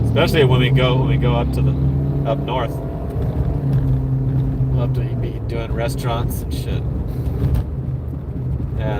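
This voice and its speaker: A man's voice: medium pitch, very noisy. A middle-aged man chatting casually on a livestream while driving for delivery gigs, rambling and cursing in an upbeat way. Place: in a car on the road.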